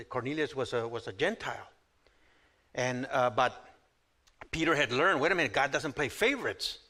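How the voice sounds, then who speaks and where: A middle-aged or older man giving a teaching sermon with scripture readings, chatty, and acting out quotes in animated voices. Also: mid-range voice. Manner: conversational, acts out quotes in lively voices. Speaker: Bible teacher.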